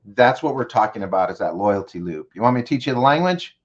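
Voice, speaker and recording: A man's voice: on the low side, animated, quick pace, muffled recording. A male consultant in an interview, walking the host through an imagined scenario and checking in with direct questions. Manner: leads the listener with direct questions. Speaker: guest consultant. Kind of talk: guided storytelling in an interview.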